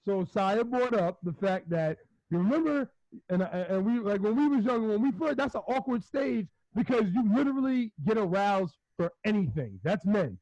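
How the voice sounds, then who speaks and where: Man, middle-aged, high-pitched, animated rambling storyteller, laughs a lot, casual podcast chat, dry and slightly muffled sound. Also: normal speed, dry recording. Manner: animated, rambling storyteller who laughs often and acts out quotes. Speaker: podcast co-host.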